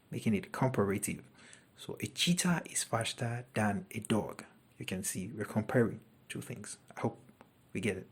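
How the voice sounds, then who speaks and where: A man teaches a grammar lesson at an unhurried pace. His voice is husky and a little breathy. He walks through each example carefully and repeats it for his students. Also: medium pitch. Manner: deliberate, repeats each example sentence twice.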